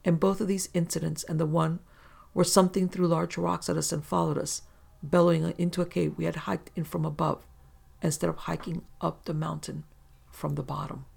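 A narrator reading first-person paranormal accounts in a steady, measured storytelling delivery. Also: mid-range voice, gravelly, husky.

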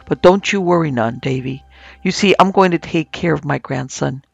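A man voicing an old rural woman said to be half witch, calm, coaxing and folksy. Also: on the high side, normal speed, creaky, breathy edge, no room sound, dull audio, soft background music, full character voice. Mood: calmly eerie.

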